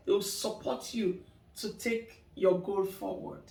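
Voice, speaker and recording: A woman's voice: mid-range voice, fairly even intonation, takes it slowly, vocal fry, dark tone, echoey room, far from the mic. A middle-aged woman giving life advice in a casual talk, emphatic and preachy, repeating phrases for stress. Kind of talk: casual motivational talk to camera.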